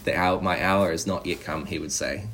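Casting: man, low-pitched voice, preacher, conversational sermon with easy restarts. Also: moderate pace, fairly bright tone, slight background noise. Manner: conversational, frequent "you know" and restarts.

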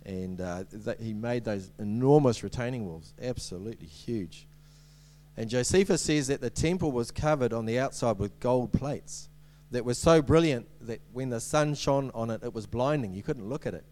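A man's voice: mid-range voice, normal speed, mellow. A man giving a sermon as a preacher, in a conversational way with many ums and restarts and light humorous asides.

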